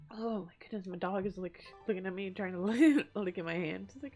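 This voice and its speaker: A woman's voice: medium pitch, a little fast, hardly any pauses, darkish tone, highs cut off, faint music behind. A woman streaming a video game, reacting emotionally, swearing and laughing. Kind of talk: casual live-stream commentary.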